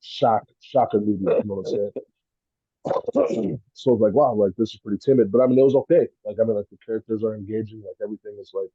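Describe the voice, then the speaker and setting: A man's voice: on the low side, expressive, fast, creaky, mellow, husky, dry recording, dull audio. A man telling a story in a rambling, laughing way on a casual podcast, swearing freely. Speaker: podcast guest, rapper. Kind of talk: casual chat.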